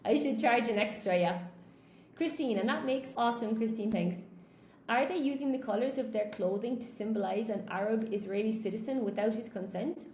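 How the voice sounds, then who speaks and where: A woman's voice: fairly high pitch, fairly quick, a little mellow. A woman, an English teacher chatting casually on a livestream and reading out viewer comments, often tagging "you know?" onto her points. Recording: roomy echo, faint background hum.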